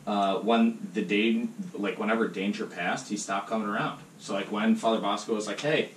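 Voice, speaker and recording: Casual male podcast host, lowish voice, loose storyteller, recorded at a distance with faint hiss. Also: steady tone, moderate pace. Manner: rambling, many fillers like "um" and "like". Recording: roomy, distant mic, faint noise.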